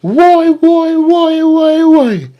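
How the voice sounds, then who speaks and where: A man's voice: level tone, normal speed, dull audio, lightly acted. A man putting on a squealing crybaby wail. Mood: mock wailing. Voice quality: high squealing sobs. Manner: mocking. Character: whiny grown man wailing like a baby.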